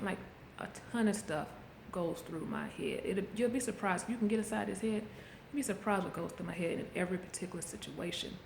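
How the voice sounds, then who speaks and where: A woman's voice: fairly low pitch, fairly quick, vocal fry, a little mellow, slight background noise. A middle-aged woman talking candidly into a handheld camera, coaching viewers in a casual motivational vlog. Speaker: vlogger. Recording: echoey room, faint background ambience.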